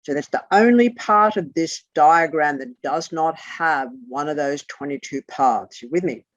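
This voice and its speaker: Each term gets spelled out letter by letter as a teacher conducts an online lesson via video call. The mid-range voice is blunt and now and then profane. It sounds lo-fi, muffled, and close, dry with no room sound.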